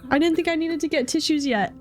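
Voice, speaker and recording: A woman's voice: sits high, fast, a little mellow, faint music behind. A young woman commenting on a game as she plays, rambling and emotional, with many fillers. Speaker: gaming streamer. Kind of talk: let's play commentary.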